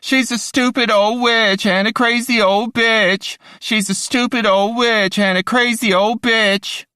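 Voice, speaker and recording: A man's voice: very high-pitched, fairly even intonation, measured pace, sharp tone, clean tone, no room sound, studio quality, voice pushed up, exaggerated voice. A man reading an audiobook, voicing a group of taunting children chanting in a sing-song. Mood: mocking.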